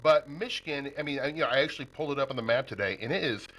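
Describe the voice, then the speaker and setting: A Nebraska man hosts a podcast, chatting casually with his guest in a rapid-fire, slightly bright mid-range voice and laughing often. The audio quality is poor.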